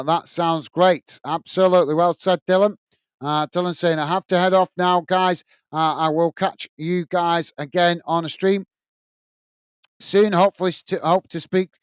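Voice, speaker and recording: A man's voice: high-pitched, smooth, no room sound. A man hosting a football watch-along live stream, reading out viewer comments and giving friendly, repetitive sign-offs with many fillers. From England.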